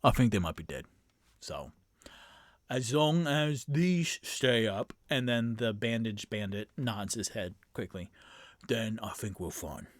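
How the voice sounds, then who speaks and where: A man's voice: on the low side, expressive, a little slow, dry recording, studio quality. A man narrating a solo tabletop game as game master, in a casual, meandering way with many fillers and self-corrections.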